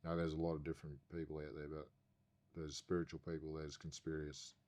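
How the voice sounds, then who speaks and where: A very low-voiced Australian man tells a story the way he'd tell it to a mate. He drifts and circles back as he goes, swearing in nearly every sentence, loose and animated. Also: fast. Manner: swears constantly, rambling and animated. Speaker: podcast guest. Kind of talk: casual storytelling.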